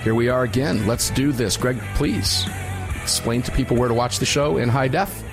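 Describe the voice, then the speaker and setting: A man's voice: mid-range voice, normal speed, over music. A man hosting a talk radio show, chatting casually in an upbeat, joking, loose way from a home studio. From United States.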